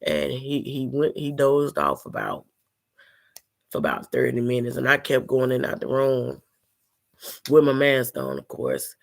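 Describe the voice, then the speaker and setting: Sick woman with a deep gravelly voice. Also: sing-song, unhurried. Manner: emotional, earnest, talks straight to viewers. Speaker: vlogger. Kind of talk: casual storytelling to viewers.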